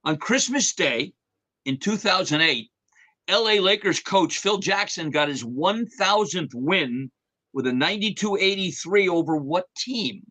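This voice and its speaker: A man's voice: sits high, expressive, bright, forceful tone, poor audio. A man reading sports trivia questions with multiple-choice answers on a radio show. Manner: reads questions briskly with multiple choice options.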